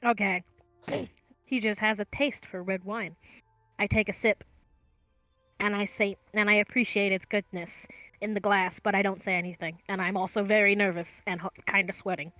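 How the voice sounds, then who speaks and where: A woman's voice: medium pitch, steady tone, moderate pace, sharp tone, no echo, soft background music. A woman playing a tabletop game, joking playfully as she describes her character. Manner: playful, jokey. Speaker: player.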